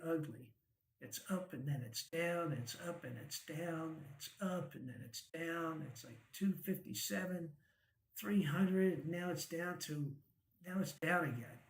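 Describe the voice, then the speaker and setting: In a roomy, low-quality recording, a man with a fairly high voice talks through stock charts on his show. He keeps it conversational, dropping in "right?" and "okay?" and wry chuckles.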